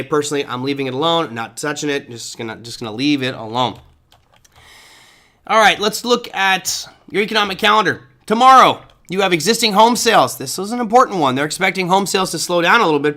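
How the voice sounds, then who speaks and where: The host of a live trading show, a man with a slightly high, sharp voice, chats casually about charts and responds to messages from viewers. His live market commentary is relaxed and chatty, full of fillers as he thinks aloud.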